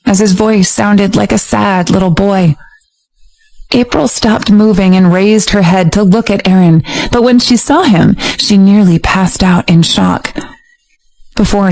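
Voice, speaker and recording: A woman narrating a romance audiobook in a steady, even storytelling voice. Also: mid-range voice, low-quality recording. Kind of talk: scripted narration.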